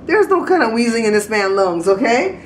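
A woman's voice: fairly high pitch, sing-song, brisk, echoey room, a little hiss or hum. A woman hosting a casual home vlog, outspoken and teasing as she talks to the camera. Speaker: vlog host. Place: at home in a hallway.

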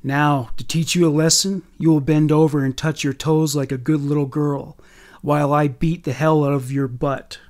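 A man's voice: fairly high pitch, little pitch movement, normal speed, a little mellow, natural voice. A man voicing a harsh, domineering father figure who speaks in a commanding, menacing way.

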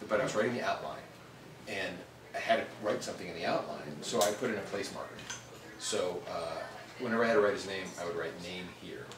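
Middle-aged man, low-pitched voice, animated storyteller, faint hiss behind him. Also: fast. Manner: animated storyteller who acts out little scenes. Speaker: author interviewed about his books. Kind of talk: casual interview talk. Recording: faint ambient noise.

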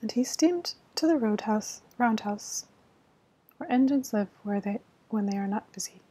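A woman reading a children's bedtime story in a soft, soothing whispered role-play. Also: fairly high pitch, expressive, a little slow, husky, poor audio.

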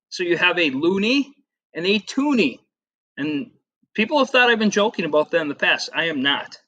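Middle-aged male teacher, casual rambling lecture, bright tone, pitched a bit high. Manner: chatty, rambling, with frequent fillers and asides. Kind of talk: casual classroom lecture over slides.

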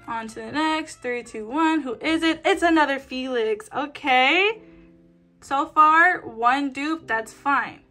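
A young woman chatting excitedly as she unboxes albums, counting down and squealing at each reveal. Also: sits high, slow pace, soft background music. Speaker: K-pop album unboxing vlogger. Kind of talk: excited casual unboxing chat.

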